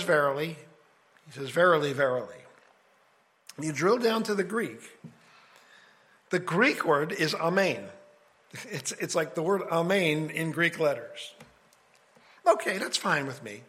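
A man with a fairly high voice gives a relaxed Bible study lecture. He talks in a conversational way and lays out his reasoning one step at a time. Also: measured pace, pauses often. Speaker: Bible teacher. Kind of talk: casual scripture study lecture.

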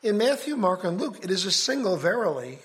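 High-voiced man giving a casual Bible lesson. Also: very animated, a little fast, a bit bright. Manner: conversational, explains step by step. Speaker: Bible teacher. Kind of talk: casual scripture study lecture.

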